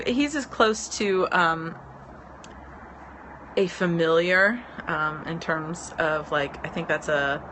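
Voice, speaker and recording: Chatty woman on a noisy porch. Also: deep voice. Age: 30s. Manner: rambling, chatty, frequent ums, laughs easily. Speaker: business mentor. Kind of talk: casual live-stream chat. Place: outdoor porch. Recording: outdoor porch with road noise. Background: road noise.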